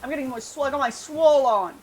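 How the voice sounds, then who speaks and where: A woman's voice: high voice, very fast, a little hiss or hum, pitched above the performer's own voice, close to an everyday voice. A woman voicing a boastful gym-obsessed jock animal villager from a cartoonish life-sim game, in a bragging, pumped-up manner.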